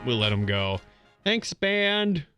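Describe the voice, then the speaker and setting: A man co-hosting a podcast, reading this-day-in-history items in a joking, animated way. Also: on the high side, over music. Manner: animated, joking, quick to laugh. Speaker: podcast co-host.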